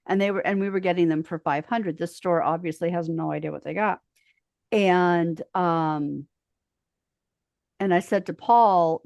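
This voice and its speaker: A woman's voice: on the low side, a little slow, gravelly, darkish tone, no echo. A middle-aged Australian woman co-hosting a podcast, telling stories and teasing in casual chat. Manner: chatty, teasing, leads the topics. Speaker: podcast co-host.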